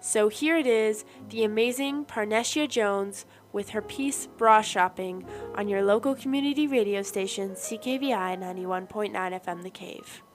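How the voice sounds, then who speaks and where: A woman's voice: mid-range voice, moderate pace, few pauses, faint music behind. A woman hosting a community radio poetry show, chatty and upbeat.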